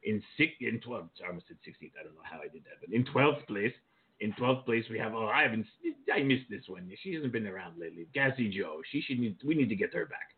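Man on a tinny line, low voice. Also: lively intonation, a little fast. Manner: flirty, joking asides, rambling. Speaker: co-host reading rankings. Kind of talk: casual joking show chat.

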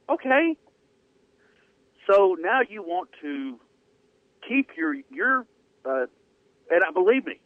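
A man hosting sports talk radio, ranting with animated sarcasm. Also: a little high, no echo. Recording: dry tinny phone-like radio audio.

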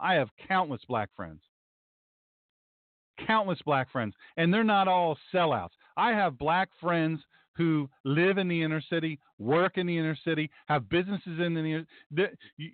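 Brief: emphatic, sarcastic male pastor-host, high lively voice, tinny phone-like audio. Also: no room sound. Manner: sarcastic, emphatic, repeats phrases. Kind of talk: sarcastic commentary talk show. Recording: dry, tinny phone-like sound.

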